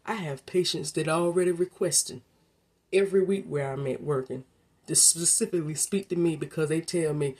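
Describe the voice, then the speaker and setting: A woman delivers a faith-based motivational talk in a low, slightly husky voice. She speaks straight to the listener in a colloquial, preacherly way. She drops to a near hush, then builds to emphatic peaks. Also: normal speed. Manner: preacherly, swinging from hushed to emphatic; colloquial, direct address to listener.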